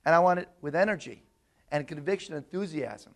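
A man delivers an energetic sermon, his voice pitched notably high for a man. He tosses questions out to his listeners and drives his points home with emphasis. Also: a little fast. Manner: animated, asks the audience questions. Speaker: preacher. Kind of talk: sermon to a congregation.

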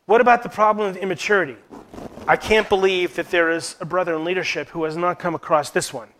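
Male Christian teacher, high-pitched voice, earnest and questioning delivery to church leaders. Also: steady tone, fast, a bit bright, a little hiss or hum. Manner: earnest, poses rhetorical questions.

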